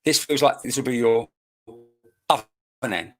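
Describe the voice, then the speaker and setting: Man, psychic medium, live-stream reading, chatty and searching, talks to viewers by name, computer mic, mid pitch. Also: moderate pace, a bit bright. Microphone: computer microphone.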